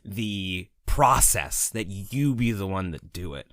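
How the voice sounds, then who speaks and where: A man's voice: sits low, expressive, slow, fairly bright tone, no echo, studio quality. A man co-hosting a horror movie podcast, chatting casually, swearing freely and laughing often. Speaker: podcast co-host.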